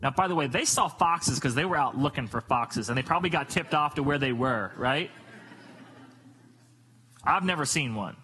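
A man's voice: mid-range voice, expressive, normal speed, pushed and bright, low-quality recording. A man preaching a sermon as a pastor, emphatic and repetitive, asking rhetorical questions.

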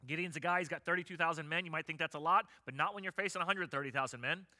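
A middle-aged man preaching a sermon, telling stories in an animated, conversational way. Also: a little high, very fast. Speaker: pastor.

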